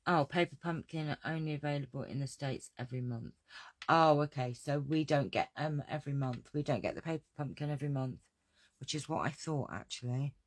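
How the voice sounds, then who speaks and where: A woman's voice: low voice, a little fast, no room sound. A woman hosting a casual crafting video, chatting to her viewers in a self-deprecating way and laughing often.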